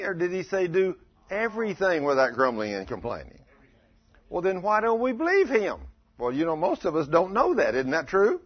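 A man's voice: a little high, breathy edge, lo-fi sound. A man preaching a sermon, telling a story in a folksy way and asking the congregation questions. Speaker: pastor.

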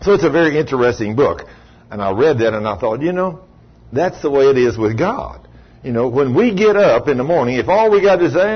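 A man preaching a sermon in an animated storytelling way, acting out the voices he quotes, on a dull lo-fi recording. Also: mid-range voice, brisk, breathy edge.

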